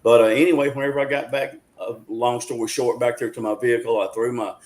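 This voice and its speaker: A man's voice: mid-range voice, fairly even intonation, fast, darkish tone, slight background noise. A man, telling a story as an interview guest in an earnest, folksy way, with frequent restarts. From Arkansas, USA. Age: 60s.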